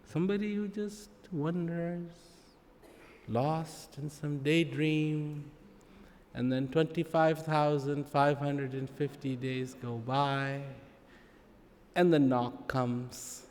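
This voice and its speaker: A man giving a slow, emphatic talk to a live audience, with playful humor and long dramatic pauses. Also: a little high, fairly even intonation, a little mellow, a little hiss or hum. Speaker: speaker addressing an audience. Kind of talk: spoken address to a live audience. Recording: long hall reverb.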